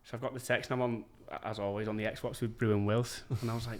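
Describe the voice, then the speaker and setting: A man's voice: on the low side, little pitch movement, quick pace. A man, telling stories as a podcast guest in a laid-back, sweary way. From England. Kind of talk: casual chat.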